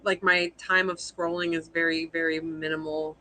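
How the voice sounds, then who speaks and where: A woman's voice: low-pitched, flat delivery, normal speed, bright, forceful tone, dry recording, low-quality recording. A young woman, a fiber artist guest, chatting casually on a live video call, rambling and self-deprecating with frequent laughs.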